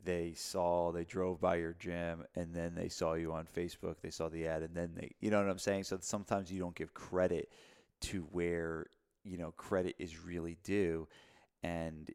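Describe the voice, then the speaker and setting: A man with a very low voice talks loosely on a podcast. A gravelly fry runs under his words. He rambles, repeats himself and leans on fillers as he shares his views. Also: little pitch movement, normal speed, darkish tone. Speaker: podcast co-host, gym owner. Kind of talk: casual podcast chat.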